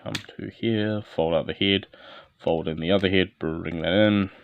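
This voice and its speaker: In a dull, dry, lo-fi recording, a man gives a relaxed, hands-on review of a toy, calling out each brief step while he transforms it. His low, gravelly voice keeps a measured pace with fairly even intonation.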